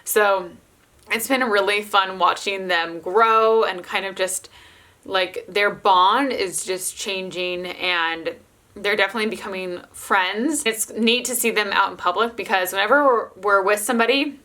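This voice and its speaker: A woman's voice: mid-range voice, unhurried, bright, forceful tone. A young adult woman, a mother of toddlers, chatting casually to camera and filling her speech with "like". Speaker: mother of toddler twins, vlogger.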